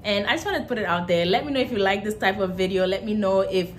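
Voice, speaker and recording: A woman with a Nigerian accent chatting casually to camera as a vlogger, animated, with lots of fillers and emphatic jumps in pitch. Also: fast talker, slight background noise.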